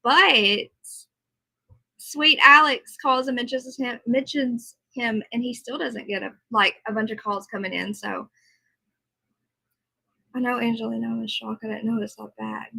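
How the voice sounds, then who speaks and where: A woman's voice: a little high, fairly even intonation, unhurried, gravelly, sharp tone, slightly rough, poor audio. A tired woman hosting a casual livestream, chatting and answering viewers' comments. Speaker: livestream host.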